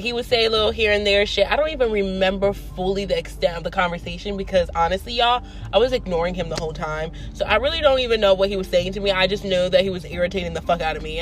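A woman's voice: mid-range voice, quick pace, faint music behind. A young woman casually telling a story, swearing freely and acting out what each person said. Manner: animated, profane, acts out quoted voices.

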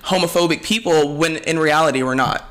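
A man's voice: on the high side, brisk, a bit bright. A young man from Jamaica in casual chat, telling candid stories with quoted asides.

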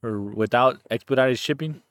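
A man co-hosting a casual podcast, telling stories in a relaxed way and laughing easily. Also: medium pitch, moderate pace, no room sound, studio quality. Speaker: podcast co-host. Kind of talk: casual chat.

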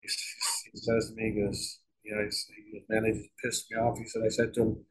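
A man's voice: on the low side, completely flat delivery, a little fast, husky, rough recording. A middle-aged man telling a long story in a casual interview, rambling and profane, with frequent restarts and repeated words. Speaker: guest author.

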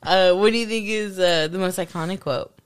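A woman's voice: fairly low pitch, brisk, smooth, no room sound, studio quality. A young woman chatting casually about a favorite movie, playful and giggling often. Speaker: co-host of couple's movie chat.

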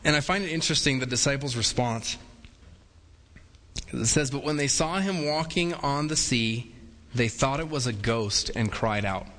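Preaching from the pulpit, a male pastor talks in a relaxed, conversational way and slips into playful quoted voices. His bright, forceful, mid-range voice moves at normal speed and rings with the long reverb of a large church hall.

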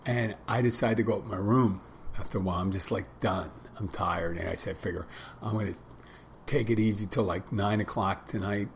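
A man's voice: fairly low pitch, fairly even intonation, moderate pace, slight background noise. A man in his twenties casually telling a rambling personal story, often correcting himself and quoting back and forth. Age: 20s. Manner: rambling, self-interrupting storytelling with quoted dialogue.

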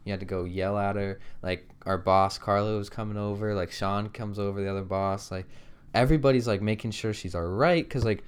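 Chatting casually, a man from a restaurant relates a work story at a fairly quick pace in a lowish, clean voice with fairly even intonation. He rambles, leans on "like" constantly, and performs the dialogue.

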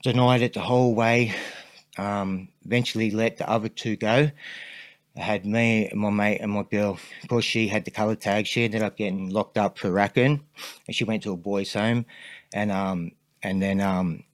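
Man, Australian accent, podcast guest, rambling storyteller, lowish voice, dry sound. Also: steady tone, normal speed, no echo. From Sydney, Australia. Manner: rambling, filler-heavy storyteller. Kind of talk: casual storytelling interview.

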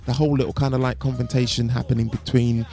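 A man's voice: mid-range voice, little pitch movement, fast talker, gravelly, dark tone. A man co-hosting an MMA show, rambling through fight picks with many fillers and restarts. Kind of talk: casual fight-pick chat.

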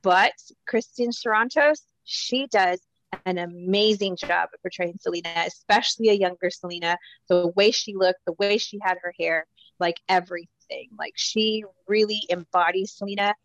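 A woman from Corpus Christi, Texas, co-hosting a casual pop-culture podcast, talking in an animated, gushing way with lots of fillers. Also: medium pitch, moderate pace, no room sound, highs cut off. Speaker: podcast co-host.

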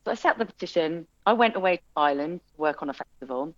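A woman speaks in a low voice. She tells her story in a chatty, animated way, with plenty of ums and restarts. The recording is dry and slightly dull, with no room sound. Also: fast, no room sound. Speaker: music venue owner. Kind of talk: interview conversation.

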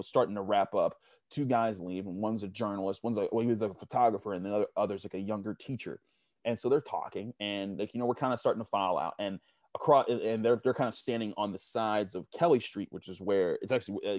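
A man with a low voice tells stories in a casual interview, circling back and restarting his sentences. The sound is dry and close to the mic, with no room around it. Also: darkish tone, no echo. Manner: rambling, many restarts and fillers. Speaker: sports media guest.

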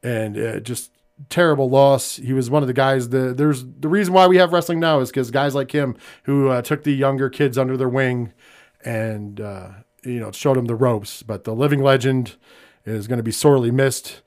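A man's voice: medium pitch, normal speed. An American man hosting a wrestling podcast in casual chat, talking loosely with lots of fillers. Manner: conversational, many fillers, drops quiet when somber. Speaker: podcast host.

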